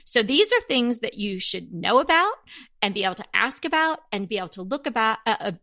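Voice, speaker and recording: A woman with a bright, forceful voice chats quickly and with energy as a co-host. She jumps into little acted-out bits as she talks, running on coffee. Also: a little high. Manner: fast, animated, acts out shop clerks. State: caffeinated and energetic. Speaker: podcast co-host. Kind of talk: casual chat.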